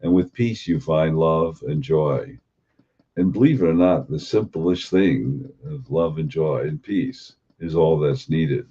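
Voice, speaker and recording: A man giving an unhurried spiritual talk as a teacher, posing and repeating rhetorical questions. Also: a bass voice, warm tone, husky. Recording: dull lo-fi recording.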